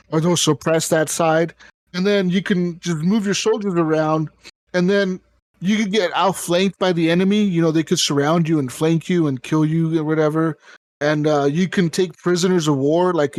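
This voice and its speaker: High-voiced rambling, cursing man. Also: dry recording. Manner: rambling, profane, lots of "like". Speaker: podcast host. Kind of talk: casual chat about video games.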